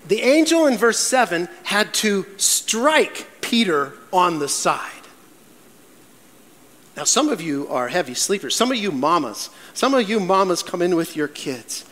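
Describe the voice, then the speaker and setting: A man preaching a sermon as pastor, telling stories with animated, acted-out voices. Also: high-pitched, measured pace. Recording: echoey hall with long reverb.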